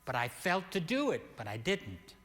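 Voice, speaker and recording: An older man preaching as a pastor, telling a healing story slowly and animatedly, with sudden loud peaks. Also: fairly high pitch, wildly swooping pitch. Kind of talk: sermon storytelling. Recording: long hall reverb.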